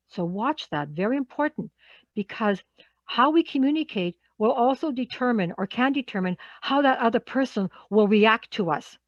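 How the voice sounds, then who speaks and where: A woman's voice: on the high side, expressive, moderate pace, dry recording, highs cut off. A woman leading a live workshop as a coach, talking conversationally and often checking in with the group.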